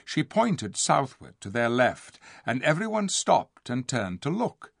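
A man narrating a storybook audiobook with an expressive, lively voice that rises and falls through each sentence. The recording is close and dry. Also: mid-range voice, a little slow, vocal fry, few pauses, dry recording. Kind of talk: scripted narration.

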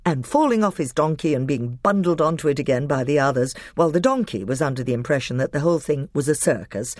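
An audiobook reader giving expressive, scripted storybook narration and breaking into put-on voices for the characters. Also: medium pitch, no room sound, clean studio sound.

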